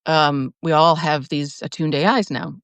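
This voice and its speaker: A woman's voice: sits low, steady tone, unhurried, no room sound. A woman hosting a casual livestream, talking in a rambling stream of consciousness with restarts and frequent laughter. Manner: many restarts and fillers. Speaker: podcast host.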